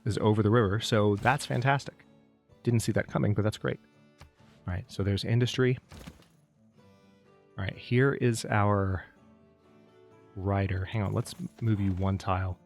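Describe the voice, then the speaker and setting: Man, lower voice, casual gameplay commentary, thinking aloud, talks to units, faint music behind. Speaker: let's play host.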